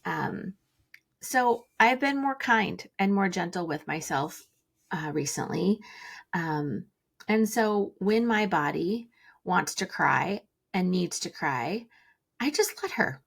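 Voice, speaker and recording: Gentle musing woman with a creaky voice. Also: fairly low pitch, lively intonation, slow. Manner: gentle, musing, many fillers. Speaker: podcast host. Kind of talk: reflective solo talk.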